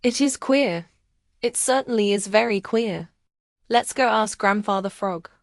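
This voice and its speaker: A woman's voice: mid-range voice, a little slow, dry recording, clean studio sound, close to an everyday voice. A woman doing a puzzled storybook muskrat. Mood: wondering. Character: curious sharp-eyed male muskrat, thoughtful.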